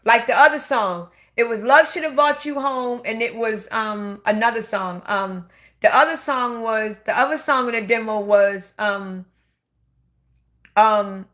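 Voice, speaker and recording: A middle-aged woman speaks slowly in a casual late-night conversation, recounting her own story. Her voice sits somewhat high and sounds bright and sharp. She talks in an emotional, halting way, stumbling over words and starting sentences again. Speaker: guest telling her life story.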